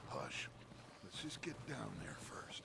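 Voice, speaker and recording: An actor voicing a rough adult outlaw in a western video game, giving terse, commanding orders. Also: male voice, on the low side, very animated, slow pace, whispered, exaggerated voice. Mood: urgent.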